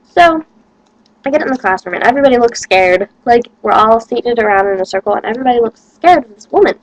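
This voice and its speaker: A woman's voice: on the high side, lively intonation, brisk, no room sound, low-quality recording. A young woman, a college student, rambling casually to camera and complaining with lots of "like". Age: young adult.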